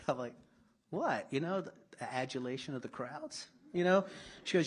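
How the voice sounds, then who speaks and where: A middle-aged man speaks to a live audience at a political summit. His pitch sits in a mid range. His speech is conversational and self-deprecating, broken by blunt, salty asides. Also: fast, slightly rough.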